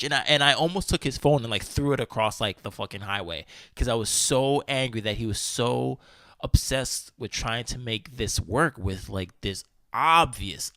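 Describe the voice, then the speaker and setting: A man hosting a podcast, telling a story in casual chat, animated, full of "like" and swearing freely. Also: mid-range voice, moderate pace, dry recording. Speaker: podcast host.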